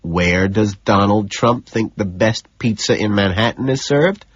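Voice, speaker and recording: A man voicing a smug, petty young male finance colleague in an audiobook, needling and tense, with a husky voice and a dull, lo-fi sound. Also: lowish voice, a little slow, no echo. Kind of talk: audiobook character voice.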